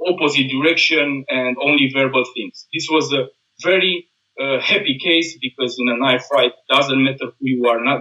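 A man from Romania with a Romanian accent, a combat instructor talking earnestly as a guest in halting, non-native English with many restarts. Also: medium pitch, pushed and bright, lo-fi sound. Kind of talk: casual conversation.

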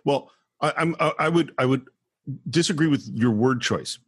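A man co-hosting a casual film discussion podcast, animated and acting out the characters' lines. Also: medium pitch, moderate pace, slightly rough, dry recording, studio quality. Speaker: podcast co-host.

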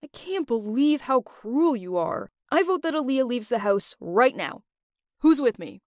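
A woman's voice: high voice, very animated, measured pace, darkish tone, no echo, studio quality. Woman voicing a stern commanding young man. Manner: authoritative, stern.

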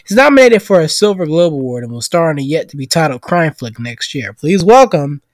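A man hosting a scripted parody talk show in a deadpan, teasing manner. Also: a little high, fairly quick, dry recording. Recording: music and crowd laughter behind.

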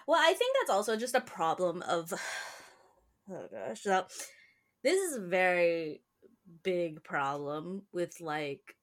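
A woman's voice: lowish voice, sing-song, slow pace. A woman hosting a podcast in casual chat, chatty and full of fillers, laughing often. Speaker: podcast host.

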